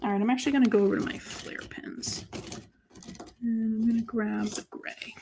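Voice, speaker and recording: A woman's voice: a little high, fairly even intonation, normal speed, vocal fry, noisy background. Chatty woman hosting a crafting stream. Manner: chatty, talks through each step as she works; drops to quiet murmurs while writing. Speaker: crafting show host. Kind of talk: live crafting chat, answering viewer comments.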